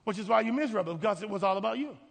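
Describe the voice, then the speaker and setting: A pastor preaching an impassioned sermon in a church, swinging from hushed asides to shouting and calling for responses from the congregation. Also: male voice, high-pitched, animated, rapid-fire, creaky. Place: church sanctuary. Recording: reverberant hall with faint music.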